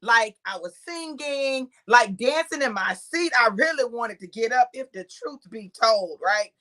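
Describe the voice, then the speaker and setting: A woman preacher tells a lively, laughing story to viewers she greets by name, acting out the voices of the people in it. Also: on the high side, measured pace. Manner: talks straight to viewers by name. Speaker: preacher and live-stream host. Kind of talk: lively storytelling to a live online audience.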